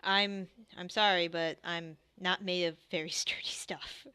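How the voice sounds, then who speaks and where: A woman runs a tabletop game, slowly narrating and pausing with fillers as she describes each scene. Her voice is bright and crisp. The recording is dry and close. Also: on the low side, fairly even intonation, no room sound. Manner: halting, filler-heavy description. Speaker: game master.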